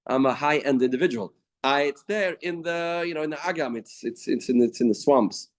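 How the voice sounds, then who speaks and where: A man's voice: fairly high pitch, fairly quick, lightly acted. A man voicing a boastful male sorcerer who keeps bluffing and hedging, in a storytelling lesson. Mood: boastful, evasive. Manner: evasive, hedging with fillers.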